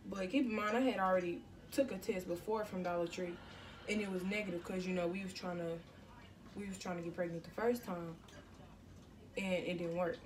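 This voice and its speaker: A teenage woman telling her own story in a casual storytime vlog, animated and slangy, with bursts of exclamation. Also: fairly low pitch, brisk, recorded from a distance, a little hiss or hum. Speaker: vlogger.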